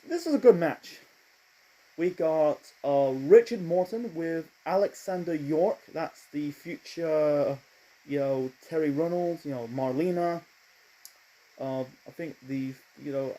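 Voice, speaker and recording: A man's voice: fairly high pitch, dark tone, rough recording. Rambling man reviewing old wrestling shows. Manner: rambling, self-correcting, blunt; talks fast at times. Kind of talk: casual rambling review monologue.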